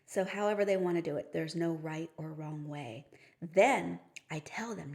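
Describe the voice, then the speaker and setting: A woman explains a phonics lesson to teachers and parents, patiently going step by step and tossing in playful story cues. Her voice sits a little low and has a gravelly, creaky texture. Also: expressive, a little slow. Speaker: reading teacher.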